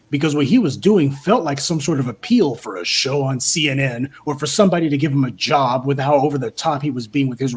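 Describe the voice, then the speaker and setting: Husky man delivering sarcastic commentary. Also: a little high. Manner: steady, argumentative, lightly sarcastic. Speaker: political commentator. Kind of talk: scripted political commentary.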